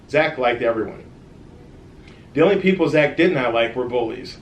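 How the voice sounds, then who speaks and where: A man's voice: medium pitch, normal speed, slight background noise. Man reading a kids' story in an echoey room. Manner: lively storytelling with asides to kids. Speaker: author reading his own book. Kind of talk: reading a children's story aloud.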